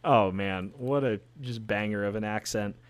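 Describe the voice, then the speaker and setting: A man's voice: lowish voice, moderate pace, smooth. A man hosting a casual podcast chat, joking and laughing often as he makes his picks. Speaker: podcast host.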